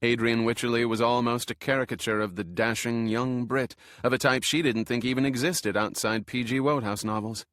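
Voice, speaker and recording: A man narrating an audiobook in a measured, steady way. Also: medium pitch, dry recording, clean studio sound.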